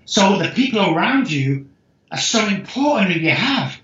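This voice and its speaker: A man speaking as a guest addiction specialist, telling stories in an emphatic, excitable way that jumps in pitch and loudness. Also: normal speed. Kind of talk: animated storytelling in conversation. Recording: echoey room, dull lo-fi sound.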